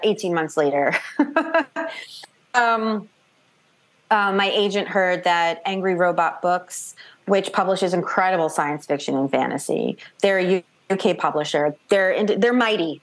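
A woman author talking casually in an interview, chatty and animated, acting out quoted voices as she tells her story. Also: medium pitch. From New York / New Jersey. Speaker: author guest.

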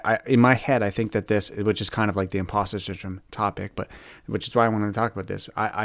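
A young man from Canada talks alone into the mic for his podcast, rambling in a candid, searching way and often restarting his words. His voice sits low, and the sound is dry and close with no room around it. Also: no room sound. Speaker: podcast host.

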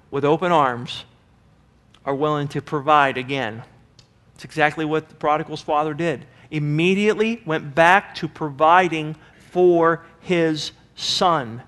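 Guy preaching a sermon, high voice, gets really worked up acting out the story. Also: measured pace, a bit bright. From United States. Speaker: pastor.

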